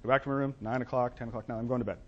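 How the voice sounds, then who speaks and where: A man telling a business story to entrepreneurs in quick, wry, animated bursts. His voice sits at an ordinary pitch and moves briskly through the tale. The recording sounds dull and lo-fi. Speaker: business plan consultant and speaker.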